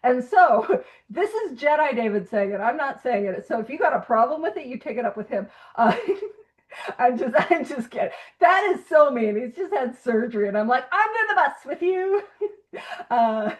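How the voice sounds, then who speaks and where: A woman's voice: fairly high pitch, sing-song, normal speed. A woman from Canada leading a recovery group study in casual talk, self-deprecating and laughing often as she speaks. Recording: dull lo-fi sound.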